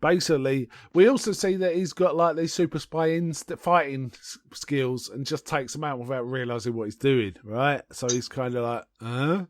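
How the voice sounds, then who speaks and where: A man's voice: medium pitch, moderate pace, no echo. A man co-hosting a podcast, casually recapping a film with lots of ums and acted-out quotes. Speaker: podcast co-host.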